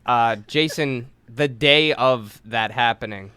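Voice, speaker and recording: A man's voice: medium pitch, slow pace, bright, forceful tone, clean tone, dry recording. A young man telling a rambling story on a casual podcast, swearing freely and acting out quotes. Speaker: podcast co-host.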